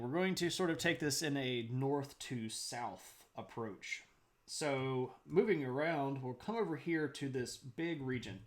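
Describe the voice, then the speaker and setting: A man streaming a casual history lecture, chatty, greeting viewers and laughing often. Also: mid-range voice.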